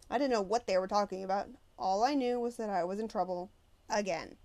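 A woman reading a novel aloud in the first person with a middle pitch. Her delivery is expressive and conversational, as if she were telling the story herself. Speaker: audiobook narrator. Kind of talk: scripted first-person narration.

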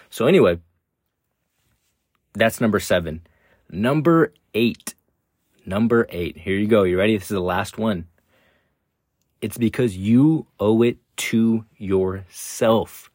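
A man's voice: fairly low pitch, slow, pauses often, a little mellow, no echo, studio quality. A young man hosting a podcast, giving a blunt, profane motivational talk that keeps repeating its points. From United States. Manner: blunt, heavy swearing, repeats himself. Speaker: podcast host. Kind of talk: casual motivational monologue.

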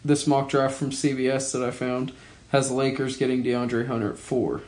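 A man's voice: medium pitch, level tone, moderate pace, a little mellow. A man co-hosting a sports podcast in casual, profane, joking chat. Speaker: podcast co-host.

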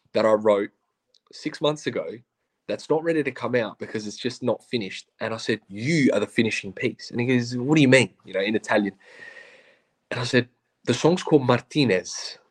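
A man with an Australian accent, a podcast guest telling stories in casual, slangy chat and acting out what others said. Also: medium pitch. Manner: animated, slangy, acts out quotes of others. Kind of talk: casual storytelling.

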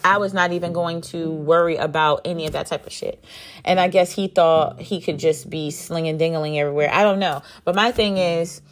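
Blunt, lower-pitched woman telling a story. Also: moderate pace. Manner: blunt and profane, lively retelling. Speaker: podcast host. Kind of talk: candid storytelling chat.

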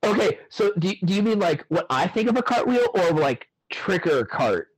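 A man's voice: high voice, big pitch swings, normal speed, a little hiss or hum. A man co-hosting a podcast, chatting casually and laid-back with lots of fillers, on poor-quality audio. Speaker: podcast co-host. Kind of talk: casual chat.

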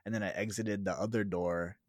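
Low-voiced man for a casual podcast chat; loose, laughing storyteller, dry sound. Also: steady tone, fairly quick, dry recording. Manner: laughs through his own stories; loose, rambling with restarts.

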